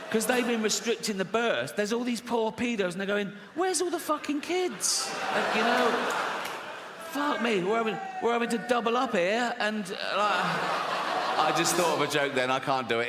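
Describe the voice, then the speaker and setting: A British man doing stand-up comedy, brash and profane, often chuckling at his own jokes. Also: high-pitched. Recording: long hall reverb, faint noise.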